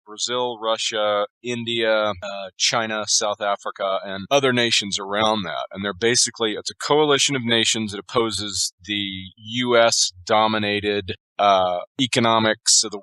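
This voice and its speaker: A man being interviewed as an author, giving long, steady explanations in a conversational interview. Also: on the low side, normal speed, few pauses, clean tone, no room sound, poor audio. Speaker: author guest.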